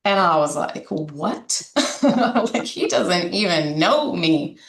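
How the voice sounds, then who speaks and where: Woman, coalition director, candid interview storyteller; lower voice, roomy echo. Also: very animated, takes it slowly, gravelly. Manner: storytelling, frequent fillers and restarts. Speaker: domestic violence coalition director.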